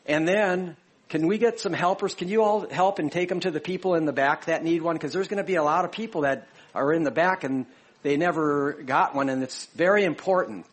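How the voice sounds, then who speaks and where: A man from Chicago delivering a sermon to a church congregation, with a fairly high voice for a man. He talks in a relaxed, explanatory way, addressing listeners directly as he works through a text. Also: brisk, slightly rough. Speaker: pastor.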